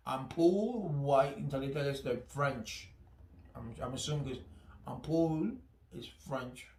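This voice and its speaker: A man's voice: mid-range voice, slight background noise. A man hosting his own channel, chatting casually through a product review, often checking in with "right?" and restarting his phrases. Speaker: channel host. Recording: echoey room.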